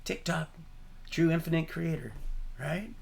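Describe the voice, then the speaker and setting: A man hosting a livestream, rambling from topic to topic in an animated, preachy way and laughing at his own remarks. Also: a little high, a little slow, gravelly. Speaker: livestream host.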